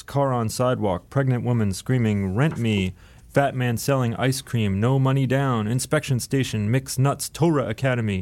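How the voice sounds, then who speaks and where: Male audiobook narrator, steady, dry delivery, middle pitch.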